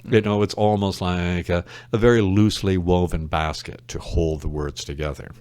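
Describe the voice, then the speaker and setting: In a dry recording, a deep, darkish voice speaks at a moderate pace with a steady tone; it is an English literature professor guesting on a casual podcast interview. He explains thoughtfully and wryly, straying into side stories.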